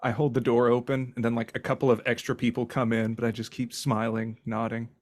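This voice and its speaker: A man playing in a tabletop game, making measured suggestions to the group. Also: mid-range voice, level tone. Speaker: player. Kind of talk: casual tabletop play.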